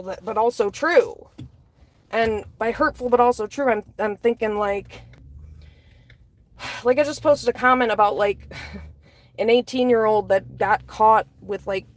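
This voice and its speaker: A woman's voice: a little high, no room sound. A woman delivering an angry, profane rant as a solo commentator, blunt and heated. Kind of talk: angry ranting monologue.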